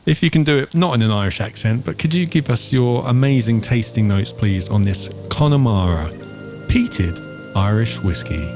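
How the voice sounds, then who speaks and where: A man's voice: mid-range voice, lively intonation, moderate pace, music in the background. A man hosting a whiskey podcast who banters with his co-hosts. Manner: friendly, bantering. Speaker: podcast host. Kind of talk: casual chat.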